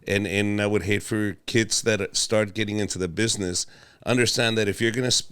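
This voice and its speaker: A man hosting a casual podcast interview, his voice low and smooth. He jokes, swears freely and slips between English and Spanish mid-sentence. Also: fairly even intonation, brisk, a bit bright. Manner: joking, profane, switches between English and Spanish. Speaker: podcast host, comedian.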